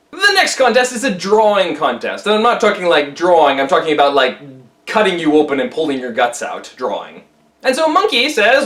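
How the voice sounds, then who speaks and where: A man retells a classic tale in a casual, playful manner. His voice is high and bright, and its pitch swoops constantly. The room adds a noticeable echo. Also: a little fast. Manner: animated and playful. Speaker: storyteller.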